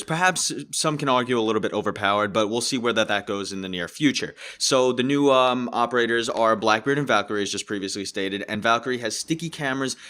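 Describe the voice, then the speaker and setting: Chatty low-voiced gaming vlogger man. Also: sharp tone, smooth. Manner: chatty, loose, frequent fillers and restarts. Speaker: gaming channel host. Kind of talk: casual game update vlog.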